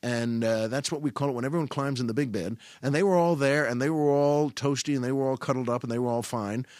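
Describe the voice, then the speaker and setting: A man's voice: medium pitch, quick pace, a little mellow, no echo, studio quality. A middle-aged man telling a funny family story in casual monologue, self-mocking and full of restarts. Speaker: podcast host.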